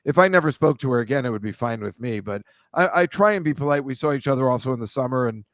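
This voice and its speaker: A man's voice: mid-range voice, animated, fast, a bit bright, no room sound, studio quality. A man co-hosting a podcast in casual chat, defensive and grumbling. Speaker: podcast co-host.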